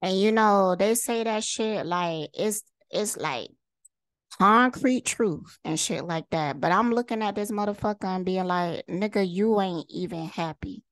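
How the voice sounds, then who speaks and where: A woman's voice: mid-range voice, measured pace, clear, resonant tone, no echo. A woman vlogger delivering a heated, profane monologue straight to camera, firing rhetorical questions and repeating lines for emphasis. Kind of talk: impassioned direct-to-camera monologue.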